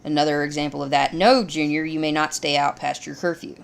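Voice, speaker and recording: A woman teaching a grammar lesson, explaining rules step by step in a steady way. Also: sits low, fast talker, creaky, clean tone.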